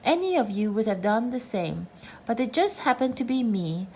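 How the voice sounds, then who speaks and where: A woman voicing a gloomy old donkey who speaks slowly and self-importantly. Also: a little high, big pitch swings, a little mellow, slight background noise. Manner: slow, mournful, self-important.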